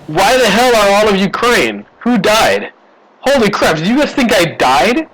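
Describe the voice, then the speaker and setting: A man voicing a brash drunk Irish man back from the dead, loud and indignant while he retells a song on a game stream. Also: high voice, sing-song, measured pace, voice pushed up, exaggerated voice, poor audio.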